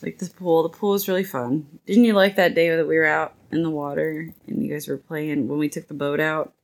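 A woman's voice: low voice, steady tone, fairly quick, creaky. A woman in her thirties hosting a podcast in casual, playful chat, laughing often. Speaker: podcast host.

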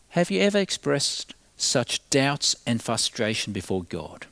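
A male pastor delivers a sermon with a lively, rising and falling voice. He leans hard into emphatic lines, then drops to a near hush. The sound is dry and close, with little room tone. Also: mid-range voice, a little slow, gravelly, few pauses, no echo. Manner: expressive preaching, swinging from loud emphasis to hushed tones.

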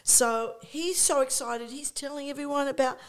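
An older woman, a guest on an interview show, telling anecdotes in a lively, rambling way, restarting sentences and acting out what people said. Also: high voice, normal speed. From Australia. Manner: animated anecdote-telling, many restarts, acts out quoted people. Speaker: interview guest, music promoter. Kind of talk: casual storytelling chat.

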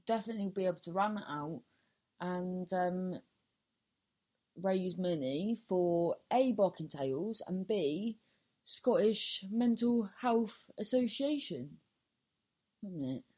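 A podcast host in her thirties delivers a casual, rambling monologue on her own show, chatty and self-mocking, swearing, trailing off and starting over. Her lowish voice is warm, expressive and slow, and the audio quality is poor.

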